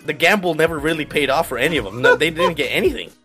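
A man's voice: a little high, animated, quick pace, over music. A young man co-hosting a podcast, chatting casually and rambling through stories. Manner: rambling, retells scenes with quoted voices. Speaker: podcast co-host. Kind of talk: casual chat.

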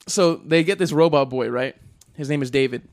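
A man's voice: a little high, normal speed. A young man casually retelling a film plot on a podcast, rambling and swearing, with lots of fillers. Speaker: podcast co-host.

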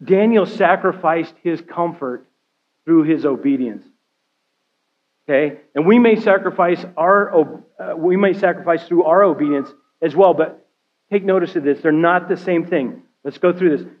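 A man's voice: fairly high pitch, moderate pace, lo-fi sound. A male care pastor giving a conversational sermon, often checking in with his listeners by asking "right?" and "okay?". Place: church sanctuary.

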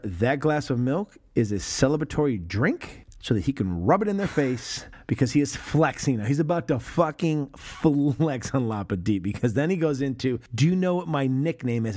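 A man's voice: medium pitch, normal speed, few pauses. A man hosting a podcast, talking loosely and with a lot of profanity. His voice moves up and down freely as he gets worked up. He often drops into short acted-out lines. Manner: animated, profane, acts out lines from the film. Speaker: podcast host. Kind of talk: casual film discussion.

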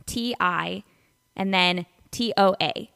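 A woman's voice: fairly low pitch, slow pace, vocal fry, a bit bright, clear, resonant tone, no echo, studio quality. A woman co-hosting a podcast, chatting casually, laughing easily and reading listener emails aloud. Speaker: podcast co-host. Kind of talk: casual chat.

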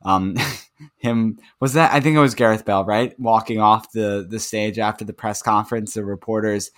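A man co-hosts a football podcast, recapping matches in casual, rambling sports chat packed with fillers. His lowish voice is steady and fairly bright, moving at normal speed.

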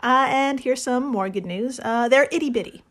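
A woman's voice: high voice, moderate pace, fairly bright tone. A woman co-hosting a casual podcast, laughing often as she tells a story and reads quotes aloud. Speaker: podcast co-host.

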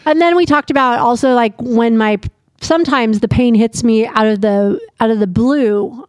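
A woman's voice: on the high side, normal speed, darkish tone, clean tone, no echo. Chatty woman podcaster, dry sound. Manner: rambling, chatty, laughs easily. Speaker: podcast co-host. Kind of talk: casual chat.

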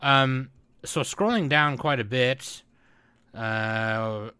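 A man hosting an anime podcast, teasing his co-hosts and laughing often in relaxed banter. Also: mid-range voice, very slow, smooth, no echo. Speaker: podcast host.

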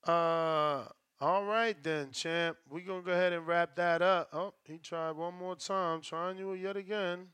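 Give me a man hosting a live call-in show, high and smooth, slangy and joking, with a lot of casual cursing. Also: steady tone, measured pace, hardly any pauses, fairly bright tone, dry recording. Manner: slangy, profane, joking banter. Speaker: show host.

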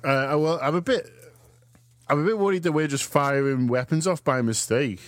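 A man in casual chat, bemused and animated as he reacts to the news. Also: fairly high pitch, normal speed.

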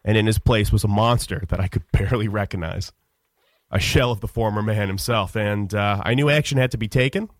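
A man's voice: lowish voice, no room sound. Rambling mock-solemn man, dry studio sound. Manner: rambling, halting, full of "uh"s. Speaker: radio show guest. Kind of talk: mock-solemn comic monologue. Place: radio studio.

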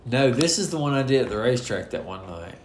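A man's voice: medium pitch, expressive, quick pace. Joking man hosting a podcast. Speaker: podcast host. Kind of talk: casual chat. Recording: roomy room with faint noise.

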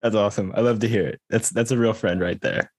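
A man's voice: on the low side, steady tone, quick pace, a little mellow, no echo, clean studio sound. A man hosting a podcast in an upbeat, easygoing way. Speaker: podcast host. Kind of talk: casual chat.

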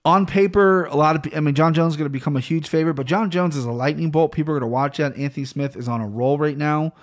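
Solo podcast host, man, slightly higher voice, profane and rambling, close on a studio mic at home. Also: fast.

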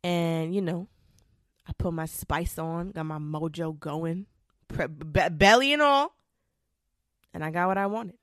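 A young woman vlogging, ranting bluntly and profanely in a casual, animated way. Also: on the low side, a little slow, long pauses, no echo, studio quality. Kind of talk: casual rant to camera.

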